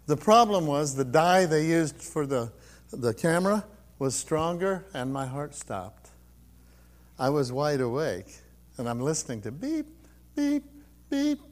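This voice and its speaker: An older man tells his personal testimony in a slightly high voice. He quotes others along the way and laughs often. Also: lively intonation, measured pace. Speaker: preacher giving testimony.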